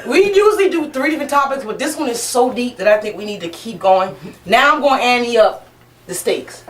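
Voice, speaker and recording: A woman hosting a casual panel talk show, loud, brash and profane, laughing often. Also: on the high side, lively intonation, fairly quick, slight background noise. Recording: echoey room, mic far off.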